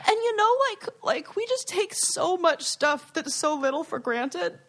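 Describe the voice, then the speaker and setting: A woman's voice: very high-pitched, very animated, unhurried, a bit bright. Young woman, podcast co-host, effusive, gushing, swears freely, casual chat.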